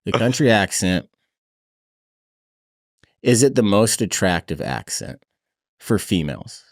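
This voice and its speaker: A man's voice: lowish voice, very animated, takes it slowly, creaky, dry recording, studio quality. A man hosting a podcast, chatting in a laid-back way and laughing often. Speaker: podcast host. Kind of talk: casual chat.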